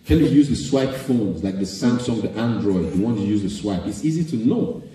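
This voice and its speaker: A Nigerian man with a Nigerian accent performing animated live stand-up comedy. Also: on the low side, a little fast. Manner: animated, storytelling. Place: live venue hall. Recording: echoey live hall, distant mic.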